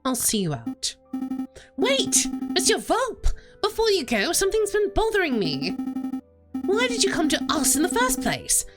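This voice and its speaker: High-pitched, eager young sparrow lawyer, polite and inquisitive, a woman voices him. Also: wildly swooping pitch, measured pace, loud music behind the voice, exaggerated voice. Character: earnest young male sparrow assistant lawyer.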